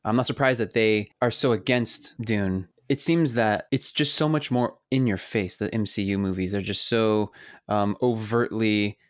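A man in casual conversation about films, talking in a rambling, animated way with many restarts and the odd curse. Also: lowish voice, moderate pace, no echo, clean studio sound. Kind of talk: casual film discussion.

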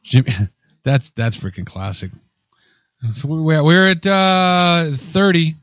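A man's voice: fairly high pitch, very animated, slow pace, a bit bright, smooth, no echo, lo-fi sound. A man co-hosting an internet radio show, chatting casually, laughing and swearing through loose banter. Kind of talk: casual chat.

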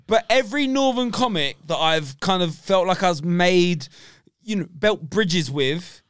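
A man's voice: sits high, animated, a little slow, clean tone, dry recording, studio quality. A man with a Southern English accent, a comedian telling crude stories in podcast banter. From southern England. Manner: storytelling with bursts of laughter. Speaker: comedian guest.

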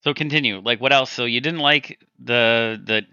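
A man hosting a casual podcast chat, excitable and swearing freely, often breaking into laughter. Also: medium pitch, normal speed, clear, resonant tone, no room sound, muffled recording. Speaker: podcast host.

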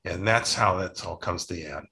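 A man's voice: deep voice, normal speed, vocal fry, sharp tone. An older man, a children's book author, tells family stories in a rambling interview with many restarts. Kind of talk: casual interview storytelling.

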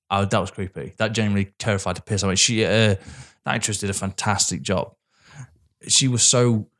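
A man co-hosting a casual film review chat, blunt and animated, swearing freely. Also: medium pitch. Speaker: podcast co-host.

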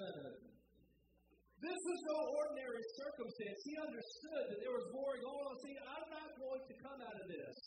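Male preacher, very high voice, emphatic sermon delivery; distant, roomy, noisy hall recording. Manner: emphatic, rising to shouts and call-and-response.

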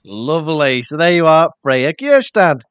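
A man's voice: fairly high pitch, very animated, a little slow, clean tone, dry recording. A man co-hosting a podcast in easygoing casual chat, introducing listener requests. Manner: easygoing, reads out listener names. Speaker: podcast co-host.

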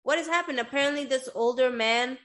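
A woman's voice: high voice, a little fast, a bit bright. Young woman host, giggly, rambly, says like a lot, casual chat. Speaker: interview host.

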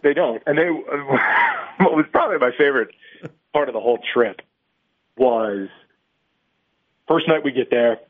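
A man's voice: mid-range voice, wildly swooping pitch, measured pace, pauses often. Male radio guest on a tinny phone line. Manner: chatty anecdote teller, laughs along. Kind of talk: casual radio chat.

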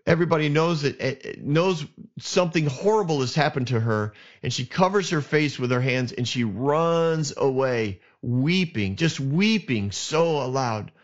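A man hosting a podcast, retelling Bible stories in a casual, animated way and acting out the characters' lines. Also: on the high side, moderate pace, hardly any pauses. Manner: animated retelling with acted asides. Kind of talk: casual storytelling. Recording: dull lo-fi sound.

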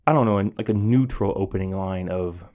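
Over phone-quality sound, a low-pitched man talks fairly quickly. He is a teacher and podcast host reflecting personally and earnestly on his classroom, his speech full of fillers and restarts.

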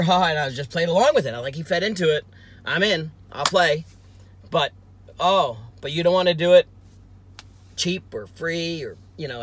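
A man's voice: mid-range voice, a little hiss or hum. A podcast host and sales coach from New Jersey, a man telling a story in casual talk, acting out the other person's lines and laughing as he goes. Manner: animated, acts out quoted voices with laughs.

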